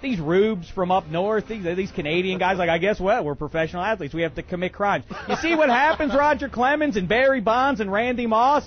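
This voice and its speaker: A man hosting a comedic sports talk radio show, ranting in an excitable, bombastic way with many uhs. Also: high-pitched, brisk, few pauses, husky, lo-fi sound, faint music behind. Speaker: radio host.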